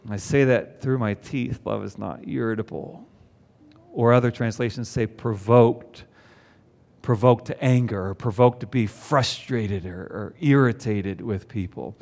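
A man's voice: lowish voice, measured pace, vocal fry, a little mellow. A man preaching a sermon to a congregation, conversational, with rhetorical questions. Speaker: pastor. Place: church before a congregation.

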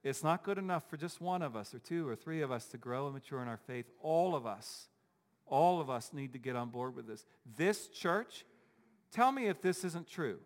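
Man preaching with a fairly high voice: emphatic, repeats his points, long church echo. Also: expressive, moderate pace. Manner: emphatic, repetitive, rhetorical questions. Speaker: pastor. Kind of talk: sermon. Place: church sanctuary.

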